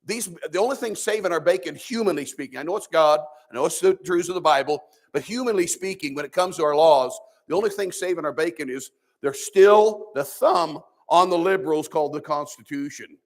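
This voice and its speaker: A man's voice: fairly high pitch, brisk, few pauses. A man, a pastor, teaching a Sunday school sermon in a preachy, conversational way with sarcastic asides.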